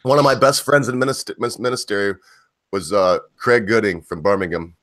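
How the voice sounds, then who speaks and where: Man, low voice, dry close sound, rambling chat. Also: moderate pace, no echo. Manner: rambling, animated, self-interrupting. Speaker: co-host. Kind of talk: casual chat.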